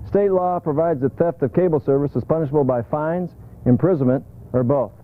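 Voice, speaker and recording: A man's voice: a little high, brisk. A man reading a scripted public service announcement in a formal, earnest way. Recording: tinny lo-fi videotape audio.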